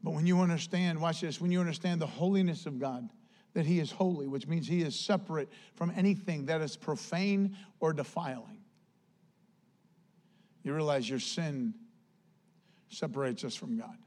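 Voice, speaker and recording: A man preaching a sermon as pastor, emphatic and repetitive, swinging between loud declarations and hushed, earnest passages. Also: fairly high pitch, moderate pace. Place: church.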